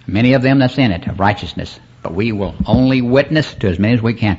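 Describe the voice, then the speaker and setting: A man's voice: on the low side, animated, fast talker, darkish tone, slight background noise. A man preaching a rambling sermon at a church service, calling out to the congregation. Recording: dull lo-fi cassette recording.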